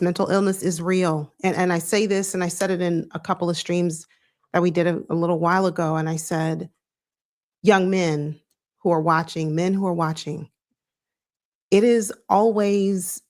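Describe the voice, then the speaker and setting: A woman hosting a sports live stream, greeting viewers by name in a relaxed, earnest chat. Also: fairly low pitch.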